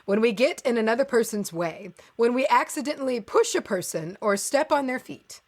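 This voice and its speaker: A woman's voice: a little high, lively intonation, moderate pace. A woman co-hosting a casual podcast, reading a text aloud and breaking in with exasperated, sarcastic asides. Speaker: podcast co-host.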